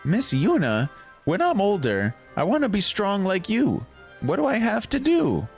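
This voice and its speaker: A man's voice: high-pitched, huge pitch swings, unhurried, gravelly, soft background music, voice pushed up, full character voice. A man voicing an earnest, admiring young boy in a game.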